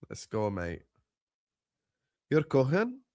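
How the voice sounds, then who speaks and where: A man hosting a football watchalong livestream, excitedly chanting and urging viewers to subscribe. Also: mid-range voice, slow pace, slight background noise. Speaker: livestream host. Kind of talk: hyped watchalong livestream chat.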